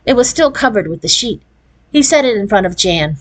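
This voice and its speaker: A woman reads a children's chapter book aloud at a mid-range pitch. Her narration follows an expressive storybook cadence. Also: fairly quick, poor audio.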